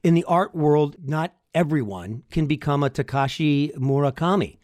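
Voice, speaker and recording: A man's voice: on the high side, moderate pace, a little mellow, dry recording, clean studio sound. An older man hosting a podcast, talking alone in a chatty, wry way full of rambling asides. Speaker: podcast host. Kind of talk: solo podcast monologue.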